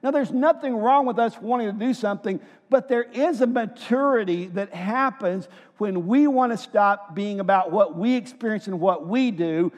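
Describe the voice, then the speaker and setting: A man preaching a sermon in a church hall, lively, asking his listeners questions and acting out quotes. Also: high voice, normal speed, hardly any pauses. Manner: lively, asks the room questions and acts out quotes. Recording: long hall reverb.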